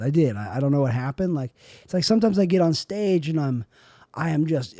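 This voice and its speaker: A young man talks alone on his podcast with a candid, rambling, self-deprecating manner. His voice is very dark and mellow, a little higher than most men's, and it sits in a dry, close room. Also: expressive, brisk, no room sound. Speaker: podcast host and comedian. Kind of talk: solo podcast monologue.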